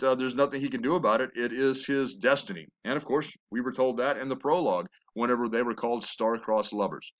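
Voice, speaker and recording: A man's voice: medium pitch, fairly bright tone. A man teaching a lesson on a play, talking in a conversational way with asides and fillers. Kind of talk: recorded lecture.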